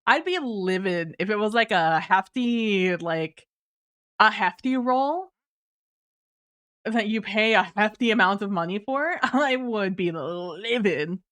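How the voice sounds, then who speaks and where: A woman hosting a live stream speaks in an unhurried, clear voice, reading out viewer messages. She laughs often, apologizes, and trails into fillers and restarts. She talks from her home computer desk into a streaming mic. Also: medium pitch, lively intonation, a bit bright. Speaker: livestreamer.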